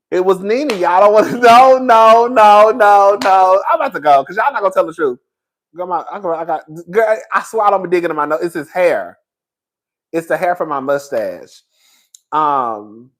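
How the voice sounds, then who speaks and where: A man hosting a casual live chat with his viewers, animated and profane, laughing often and calling them girl and honey. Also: high-pitched. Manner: calls listeners girl and honey. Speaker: YouTube commentator.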